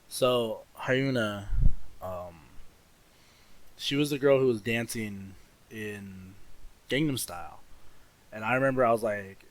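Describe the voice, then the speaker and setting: Casting note: young adult man, gaming streamer doing a casual Q&A, expressive and rambling, mid-range pitch. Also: low-quality recording. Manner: expressive, rambling with many fillers and restarts. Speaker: streamer answering viewer questions.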